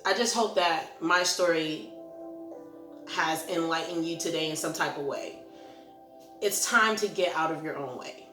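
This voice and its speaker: A woman's voice: low voice, measured pace, pauses often. A woman hosting a Christian ministry channel, talking casually to camera in an earnest, rambling, self-reflective way. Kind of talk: casual encouraging talk to camera. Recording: roomy echo with faint music.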